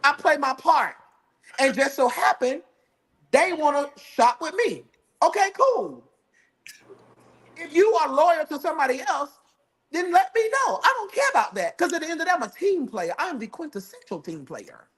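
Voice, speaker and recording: A man telling a comedic story in a sassy, profane, animated way. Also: very high-pitched, moderate pace.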